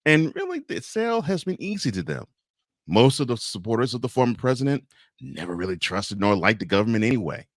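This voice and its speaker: A man's voice: mid-range voice, sing-song, brisk, dry recording, studio quality. A man co-hosting a podcast, reading political news aloud and breaking off for sarcastic asides in casual chat. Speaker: podcast co-host.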